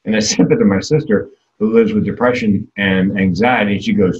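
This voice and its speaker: A man's voice: lowish voice, steady tone, brisk, a little mellow, highs cut off. A man in his sixties giving a comedic keynote talk, candid and darkly self-deprecating.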